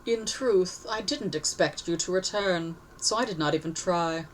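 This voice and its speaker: A woman voicing a three-eyed female toy maker who talks in a slow, dragging drawl, pitched a little below her usual voice. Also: slight background noise, lightly acted, low-quality recording. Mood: smug.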